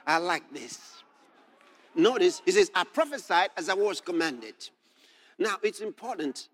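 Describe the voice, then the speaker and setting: A man preaching a sermon, reading scripture aloud and commenting on it, rising to shouts and laughing with delight at the text. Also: high-pitched, animated, a little slow.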